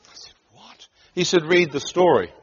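A man's voice: a little high, normal speed, a little hiss or hum. A middle-aged man from New Zealand preaching, telling a personal story with laughter and acted-out quotes. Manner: animated, laughs often, acts out quoted voices. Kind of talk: sermon storytelling. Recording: muffled lo-fi sound.

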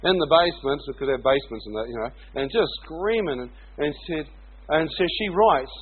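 A man's voice: on the high side, expressive, brisk, breathy edge, phone-quality sound. A man with a New Zealand accent tells a personal testimony story in a chatty way, laughing often and asking "you know what I mean". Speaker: speaker giving a personal testimony.

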